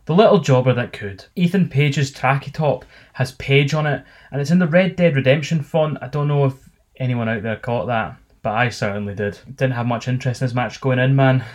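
A man's voice: mid-range voice, brisk. A Scottish man co-hosting a casual wrestling chat, sweary, sarcastic and rambling. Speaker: podcast co-host.

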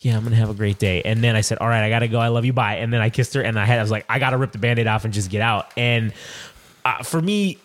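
A man's voice: medium pitch, fast. A man in his thirties, co-hosting a casual chat show, telling a story with lots of swearing and acted-out voices. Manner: profane, animated storyteller acting out quoted voices. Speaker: podcast co-host.

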